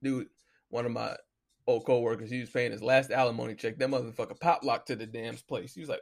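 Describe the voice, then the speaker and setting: Man, podcast host, gravelly, mid pitch, loose storyteller, salty language. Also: brisk. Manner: loose, animated storytelling, heavy cursing. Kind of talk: casual profane commentary.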